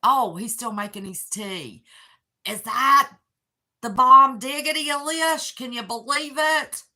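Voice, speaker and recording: A woman in her 60s from West Virginia hosts a casual livestream from her apartment, chatting emotionally with her viewers. Her voice sits high and has a sharp edge, and she takes her time speaking.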